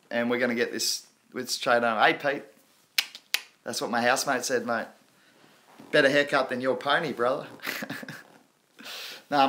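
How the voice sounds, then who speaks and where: A man's voice: medium pitch, a bit bright. Laid-back Australian man live-streaming. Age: 30s. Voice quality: laid-back, slangy, frequent laughs. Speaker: crypto livestream host. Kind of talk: casual live-stream chat.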